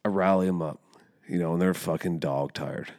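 A man's voice: sits low, normal speed, darkish tone. A young man casually telling a heated, profane story about coaching youth soccer.

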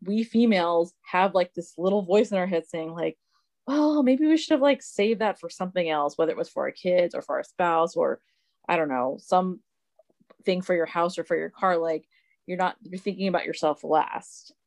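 Chatty podcast host woman with vocal fry. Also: fairly low pitch, fairly even intonation, normal speed, dry recording. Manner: chatty, filler-heavy, enthusiastic. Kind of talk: casual podcast conversation.

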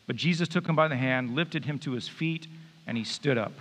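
A man's voice: medium pitch, brisk, fairly bright tone. A man preaching a sermon, reading scripture and then talking it through in a conversational, joking way. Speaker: pastor. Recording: reverberant hall.

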